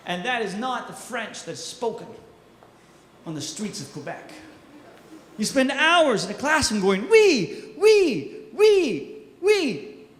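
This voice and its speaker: High, animated male comedian in an echoey hall. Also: measured pace, long pauses. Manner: self-mocking storytelling, punchy delivery. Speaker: stand-up comedian. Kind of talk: stand-up comedy set. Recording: echoey hall with long reverb, faint noise.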